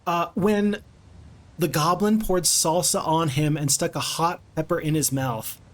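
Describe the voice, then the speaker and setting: A male streamer with a fairly high voice talks casually to his viewers while playing a strategy game. He is chatty and expressive and breaks into frequent exclamations. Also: measured pace. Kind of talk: casual live-stream chat.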